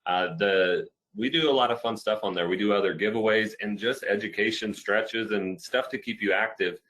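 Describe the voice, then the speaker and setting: A man's voice: on the low side, moderate pace, fairly bright tone, poor audio. A man hosting a physical therapy webinar, encouraging viewers and answering their comments in a casual, upbeat way.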